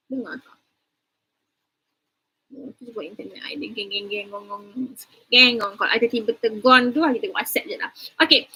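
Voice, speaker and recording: A woman's voice: on the high side, pushed and bright, slightly rough, no echo, poor audio. A woman from Kelantan with a Malaysian English accent, briefing her class online in a chatty, teasing way and switching between English and Malay. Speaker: university lecturer.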